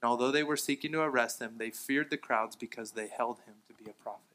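A male pastor preaching a sermon and reading scripture aloud, with fillers and restarts, rising to emphatic lines and dropping to quiet ones. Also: fast. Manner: swings between raised emphatic lines and low, quiet ones.

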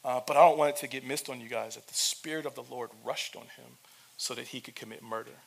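A pastor preaching, retelling the story with humor and speaking directly to the church. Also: male voice, medium pitch, fairly even intonation, quick pace, creaky. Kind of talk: sermon.

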